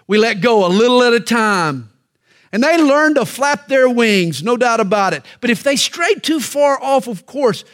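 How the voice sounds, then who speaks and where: A middle-aged male pastor preaching a sermon, emphatic and alliterative, with pointed pauses between phrases. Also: very high voice, lively intonation, fairly bright tone.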